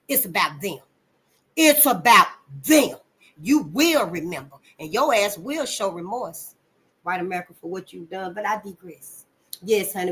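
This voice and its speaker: A woman hosting her channel, giving blunt, profane commentary and calling listeners honey, swinging between loud outbursts and low asides. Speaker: channel host. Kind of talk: impassioned commentary.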